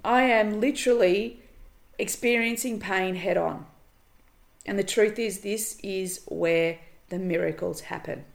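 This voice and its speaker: Woman podcast coach, mid-pitched and gravelly, earnest and emphatic. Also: unhurried. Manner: earnest, emphatic, repeats phrases, swears casually. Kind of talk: solo motivational podcast monologue.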